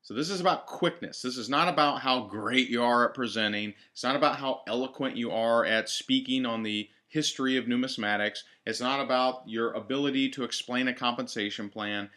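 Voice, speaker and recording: Brief: male trainer, bright tone, direct coaching delivery, repeats key lines for emphasis. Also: medium pitch, brisk, few pauses. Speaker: network marketing trainer. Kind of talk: team training talk.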